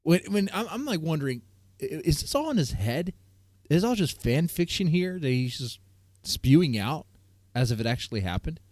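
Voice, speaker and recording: Reaction host, disbelieving and questioning, slightly high lively voice. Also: male voice, moderate pace, no echo, studio quality. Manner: incredulous, questioning, laughs at the clip. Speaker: streamer host reacting to a clip. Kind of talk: reaction commentary.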